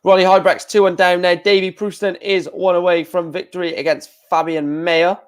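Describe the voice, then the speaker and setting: A man's voice: high voice, flat delivery, moderate pace, clear, resonant tone. Rambling man streaming live. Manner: rambling, thinking aloud with fillers. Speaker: darts live stream host. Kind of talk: casual live stream commentary.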